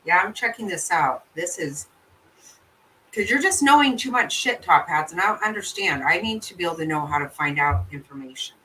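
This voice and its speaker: A woman chats with her live viewers in a bright, sharp voice, blunt and quick to swear. She laughs easily as she talks. She sits a little back from the mic, so her voice sounds slightly distant. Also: on the low side, animated. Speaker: livestream host. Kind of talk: casual chat reacting to viewer comments.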